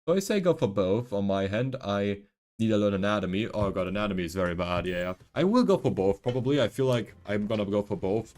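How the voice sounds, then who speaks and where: A man's voice: fairly low pitch, animated, a little fast, darkish tone. Rambling male streamer, non-native English. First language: not English. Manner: rambling, thinking aloud with many fillers. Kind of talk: casual gaming stream chat.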